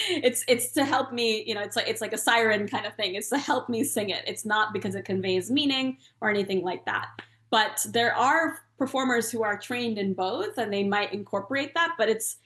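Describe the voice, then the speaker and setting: A woman's voice: fairly high pitch, a bit bright. A woman composer and Carnatic singer, explaining her music in a conversational interview and chanting rhythm syllables and counts aloud over a video call. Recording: roomy echo.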